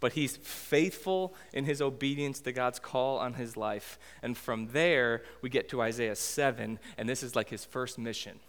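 A man's voice: medium pitch, normal speed, hardly any pauses. Man preaching casually in a reverberant hall. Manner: conversational, animated storytelling. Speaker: pastor. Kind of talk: sermon.

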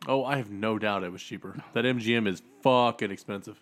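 Male co-host, lower voice, dry exasperated sidekick reactions. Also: fairly quick, a bit bright. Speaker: podcast co-host. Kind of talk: casual chat.

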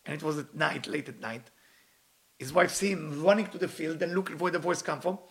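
A man's voice: a little high, fairly quick, gravelly, a bit bright. A man giving a storytelling sermon as a spiritual teacher, earnest and at times impassioned, speaking English with non-native grammar. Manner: earnest, rising to impassioned pleas.

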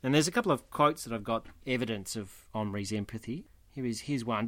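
A man's voice: medium pitch, fairly quick, hardly any pauses, dry recording. A man co-hosting a casual book discussion, who laughs often and reads quotes aloud expressively. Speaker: book podcast co-host.

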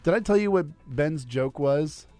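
A man's voice: fairly high pitch, animated, moderate pace, darkish tone, clear, resonant tone, dry recording, faint music behind. A man in his forties co-hosting a show, telling dad jokes in casual banter and chuckling at his own punchlines. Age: 40s. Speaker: radio show co-host.

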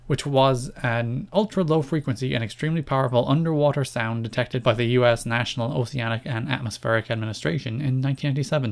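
A young man with an Irish accent talks through his solo podcast in a loose, wandering way. He is chatty and casual, and drifts from one thought to the next with wry asides about himself. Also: mid-range voice. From Ireland. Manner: rambling, chatty, self-deprecating asides. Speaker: podcast host.

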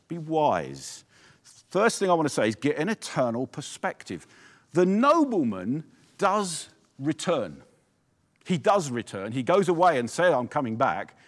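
A man preaching a sermon as pastor, with emphatic, repetitive exhortations. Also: a little high. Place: church. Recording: long reverb of a church hall.

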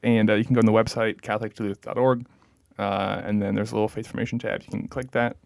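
A man's voice: lowish voice, little pitch movement, fast, creaky, no room sound. A young man hosting a parish podcast, chatting casually and hesitantly with many fillers. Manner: hesitant, lots of "um" and "like". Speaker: podcast host and parish staff. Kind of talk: casual chat.

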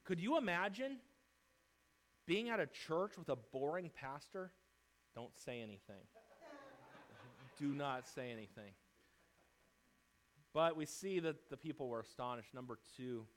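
A male pastor preaching a fervent, emphatic sermon in church, swinging between loud declarations and quieter asides. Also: medium pitch.

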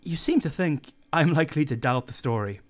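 A man voicing a calm, wry ship's surgeon who answers in a firm, matter-of-fact way. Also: fairly high pitch, brisk, voice pushed up, close to an everyday voice. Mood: dry.

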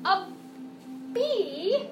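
A woman's voice: very high-pitched, sing-song, very slow, muffled recording. A woman yoga teacher guiding a children's class, playful and encouraging, with sing-song animal cues. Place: classroom or studio with music playing. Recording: echoey room, music behind.

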